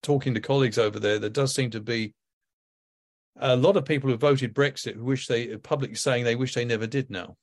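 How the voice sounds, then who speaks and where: Man, guest commentator, political chat, measured, careful, hedging. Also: mid-range voice, fairly even intonation.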